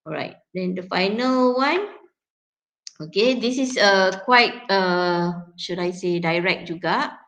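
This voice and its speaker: A woman's voice: medium pitch, slow pace, fairly bright tone, low-quality recording. Casting: woman lecturer, Malaysian accent, chatty tutorial tone, mixes in Malay, lots of fillers.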